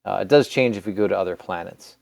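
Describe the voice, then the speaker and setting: A man's voice: low-pitched, fast, vocal fry, a little mellow, no echo, faint music behind. A man teaching a recorded science lesson in a casual, rambling way, with many restarts and fillers. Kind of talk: recorded classroom lecture.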